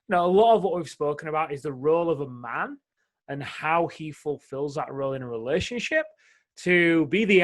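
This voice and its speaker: A man co-hosting a podcast in a relaxed back-and-forth conversation. His voice sits a little high for a man, and he reflects openly on his own experiences, pausing with fillers as he thinks. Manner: reflective, openly shares personal struggles. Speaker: podcast co-host.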